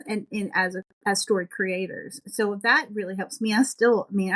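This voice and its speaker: Here a romance novelist appears as a podcast guest, her medium, slightly bright voice captured on poor audio. The conversation is a relaxed interview in which she sounds eager, reflective and humble.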